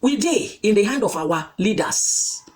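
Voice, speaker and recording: A woman's voice: medium pitch, animated, unhurried, a little mellow. A woman with a Nigerian accent giving an emphatic opinion to her followers, repeating her points and firing rhetorical questions. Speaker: vlogger reacting to news. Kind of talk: opinionated commentary in Pidgin and Igbo.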